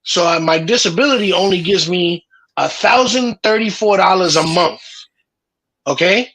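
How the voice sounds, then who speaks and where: A man in a casual podcast chat, telling a heated, profane story with a husky voice. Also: sits high, normal speed, a bit bright, rough recording. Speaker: podcast host.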